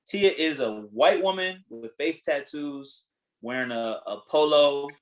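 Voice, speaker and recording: A man hosting a podcast in casual chat, retelling a reality show in a blunt, animated way, acting out what people said and swearing freely. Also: fairly high pitch, unhurried, low-quality recording. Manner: animated storytelling, acting out quotes. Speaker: podcast host.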